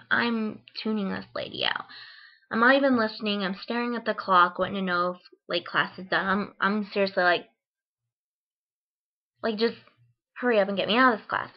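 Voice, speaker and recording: A woman's voice: medium pitch, normal speed, pauses often. A young woman from Ohio telling a funny story in a casual vlog, chatty and full of "like" and "um", acting out her own reactions. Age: young adult. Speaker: vlogger. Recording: dull lo-fi sound.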